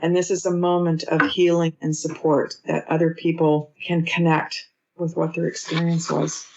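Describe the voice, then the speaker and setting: A woman grief therapist and author, calmly recounting a therapy session with gentle, measured storytelling. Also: low voice, gravelly, dull audio, slight background noise. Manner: calm, measured storytelling with gentle quoted dialogue.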